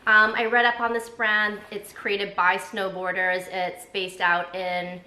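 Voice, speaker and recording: A young woman from Canada chatting casually through a haul vlog, quick and full of ums and likes. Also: mid-range voice, flat delivery, sharp tone, echoey room, poor audio. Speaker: vlogger.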